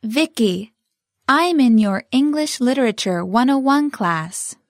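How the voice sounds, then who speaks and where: A woman's voice: a little high, lively intonation, normal speed, a little mellow, no echo, clean studio sound, close to an everyday voice. A woman playing a polite young student. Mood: slow, clear. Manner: polite, earnest. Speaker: voice actor in a language lesson dialogue.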